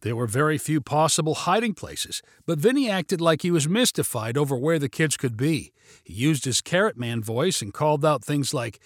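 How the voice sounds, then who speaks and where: An animated man reading a story aloud, his pitch lifting and dipping with each scene. His voice is a touch high for a man and recorded dry and close, with no room sound. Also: normal speed, no room sound. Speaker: narrator. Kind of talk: storybook narration.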